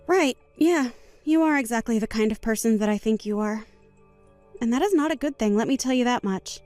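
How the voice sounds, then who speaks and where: A woman voicing a calm, composed young woman wronged at a wedding, speaking in a measured, firm way in a voiced story drama. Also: a little high, faint music behind, lightly acted.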